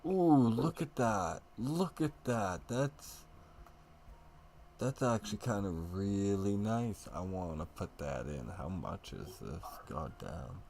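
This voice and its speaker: A deep-voiced man talks slowly through his city-building stream, thinking aloud as he plays. His voice has a gravelly edge, and he is easily amused. A faint hiss sits under the recording. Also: lively intonation, a little mellow. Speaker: livestreamer. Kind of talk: casual gaming chat.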